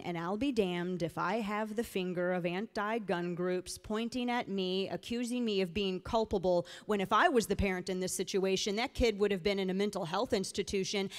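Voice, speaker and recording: A middle-aged woman from the Missouri Ozarks delivers an emphatic rally speech that moves between pointed argument and folksy storytelling. Her voice sits at a middle pitch and carries through a large hall with a long, lingering reverb. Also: a bit bright. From rural Missouri Ozarks. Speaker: political speaker.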